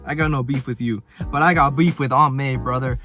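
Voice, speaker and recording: A man's voice: mid-range voice, fairly even intonation, a little fast, sharp tone. A young adult man ranting casually about movies, swearing a lot and using heavy slang. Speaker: film vlogger. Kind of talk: casual film ranking rant. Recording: background music under the voice.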